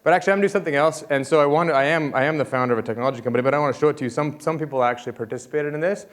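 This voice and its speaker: A man's voice: fairly high pitch, very fast. Guy doing a conference keynote, upbeat and jokey, chats with the crowd. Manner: energetic, jokey, interacts with crowd. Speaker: conference speaker. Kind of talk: keynote talk to an audience.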